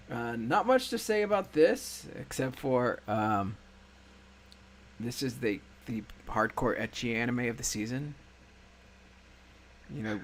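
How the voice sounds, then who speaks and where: A man hosting a casual anime review chat, talking loosely and laughing often. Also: medium pitch. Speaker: podcast host.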